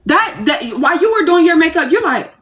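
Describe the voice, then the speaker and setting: Young woman, livestream rant, bright lively voice, brash and profane. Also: very high voice, brisk, slight background noise. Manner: brash, profane and animated, swooping into giddy squeals.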